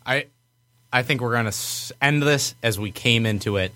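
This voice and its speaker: A man co-hosting a sports podcast, excitably talking himself through his guesses in a quiz. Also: medium pitch, moderate pace. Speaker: podcast co-host. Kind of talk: casual sports banter.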